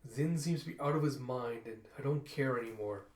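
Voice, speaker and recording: A man's voice: mid-range voice, brisk, darkish tone, lightly acted. A furious, desperate young half-wolf woman, as a man reads her lines aloud. Her talk is heated and pleading, in a middle-range voice. The room around the voice echoes. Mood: angry.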